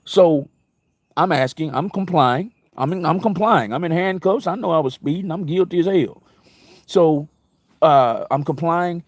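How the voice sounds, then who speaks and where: A man hosting a casual live-stream talk show, telling personal stories in a conversational way, repeating phrases and jumping in pitch for emphasis. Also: measured pace, no room sound, clean studio sound. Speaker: internet radio talk host.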